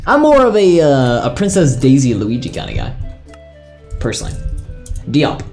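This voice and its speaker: A man's voice: mid-range voice, huge pitch swings, moderate pace, a little mellow, soft background music. A man chatting casually on a live stream as a server admin, thinking aloud and laughing often.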